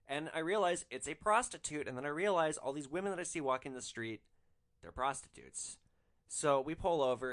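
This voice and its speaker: A man narrating his own podcast story with wry, animated delivery. His pitch swings widely from line to line, with a middling voice underneath. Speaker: podcast host, rideshare driver. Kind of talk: storytelling monologue.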